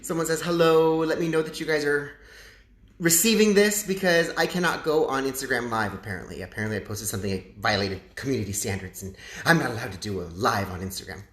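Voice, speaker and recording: A man talks straight into his phone's front camera during a casual live-stream commentary. His delivery is chatty and animated and drifts into rambling asides. The room gives his voice a noticeable echo. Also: mid-range voice, fast talker. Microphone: phone front-facing camera.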